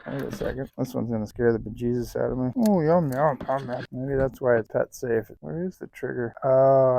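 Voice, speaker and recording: A man casually demonstrating gear in a barn for a vlog, playful and quick to chuckle, sometimes squeaking like a rat. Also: vocal fry, a little mellow, no echo. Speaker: YouTuber testing rat traps. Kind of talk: casual hands-on demo vlog.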